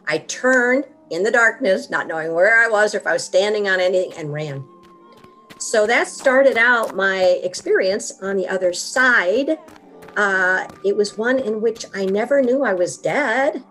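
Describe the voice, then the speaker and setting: A middle-aged woman recounting a personal story in an interview, earnest and vivid. Her pitch sits in a middle range, and soft music plays faintly behind her. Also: animated, a little slow. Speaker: interview guest.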